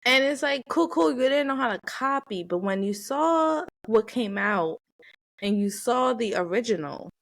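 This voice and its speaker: A woman co-hosting a podcast in casual chat, animated and often laughing as she tells stories. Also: fairly high pitch, moderate pace. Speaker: podcast co-host.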